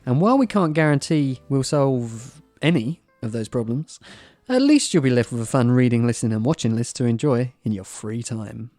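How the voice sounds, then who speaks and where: A man's voice: mid-range voice, animated, moderate pace, hardly any pauses, dark tone, no echo, clean studio sound, soft background music. A man hosting a podcast, reading a playful, flowery introduction and then chatting casually. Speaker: podcast host.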